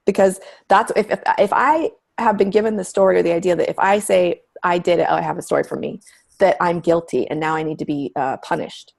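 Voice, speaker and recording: A woman's voice: on the low side, brisk, creaky. A middle-aged woman speaking candidly as an interview guest, telling stories with emphatic, frank language. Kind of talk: conversational interview.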